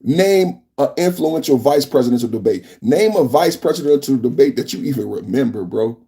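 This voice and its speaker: A man hosting a live political podcast, talking in a mocking, animated way that repeats his points over and over. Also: medium pitch, moderate pace, creaky. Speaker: podcast host. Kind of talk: live-stream political commentary.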